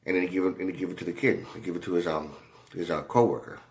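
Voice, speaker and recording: Low-voiced man telling a rambling story. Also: steady tone, a little mellow. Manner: halting, many fillers and restarts, swears freely. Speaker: commentator.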